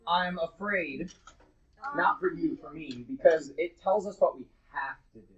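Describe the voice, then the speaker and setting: A man's voice: a little high, measured pace, a bit bright. A man teaching a math class live in a classroom. He talks casually and bluntly, with jokes for his students. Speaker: middle school math teacher. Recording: dull lo-fi classroom recording.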